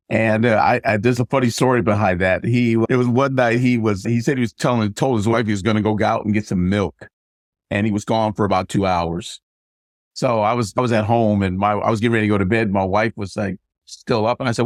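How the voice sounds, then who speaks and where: A man's voice: fairly low pitch, a little fast, dry recording, studio quality. An older man, a retired army sergeant major, being interviewed and telling family stories, acting out the dialogue. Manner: animated storyteller acting out quoted dialogue. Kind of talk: casual storytelling interview.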